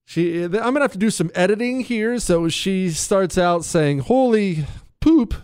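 A man's voice: high voice, moderate pace, smooth, dry recording. Joking talk radio host man, dry sound. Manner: joking, teasing, animated; reads listener emails aloud.

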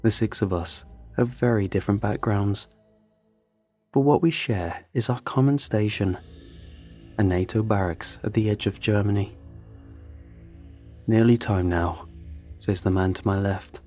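A man narrating a first-person story in a steady, scripted reading. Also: fairly low pitch, moderate pace, faint music behind.

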